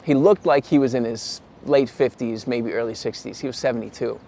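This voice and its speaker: A man's voice: medium pitch, a little fast, vocal fry, mellow. A young man vlogging to camera, telling a casual, rambling story and correcting himself as he goes. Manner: chatty, rambling, self-correcting; puts on voices when quoting people.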